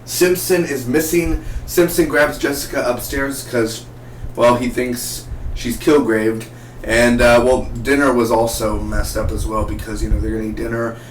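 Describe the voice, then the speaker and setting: Casual male TV reviewer, rambling and animated, echoey room with faint noise behind. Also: medium pitch, moderate pace. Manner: rambling, animated, acts out characters' lines. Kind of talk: casual episode recap. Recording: roomy, distant from the mic, faint noise.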